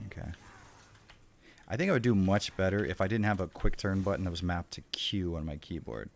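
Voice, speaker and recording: Live on stream with a horror game, a young man curses excitedly and ribs the enemies with jokey trash talk. His voice is low-pitched and a little fast, with slight hiss or hum audible.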